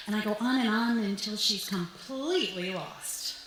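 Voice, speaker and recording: A woman's voice: mid-range voice, normal speed, few pauses, a bit bright. A young woman tells a true story live on a club stage into a microphone, with wry comic timing and an upbeat manner. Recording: heavily echoing club, faint hiss.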